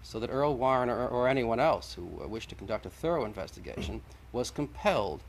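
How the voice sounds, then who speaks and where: A man's voice: medium pitch, expressive, brisk, slight background noise, poor audio. A man, the guest in a televised debate, arguing insistently and methodically, point by point.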